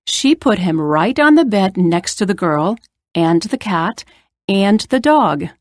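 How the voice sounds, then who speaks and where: A woman narrating a children's read-aloud story, slow, clear and expressive. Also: mid-range voice, no room sound, studio quality.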